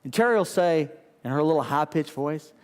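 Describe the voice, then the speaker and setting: A man preaching a sermon as a pastor, animated and repetitive, calling on the congregation to answer. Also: on the high side, fairly quick, long reverb tail.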